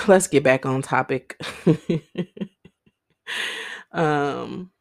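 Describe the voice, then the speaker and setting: Speaking extremely slowly in a rumbling, gravelly low voice, a woman addresses her podcast listeners directly in a casual, faith-based monologue. She's earnest and rambling, constantly saying "like" and "literally." The audio is clean studio sound with no room sound.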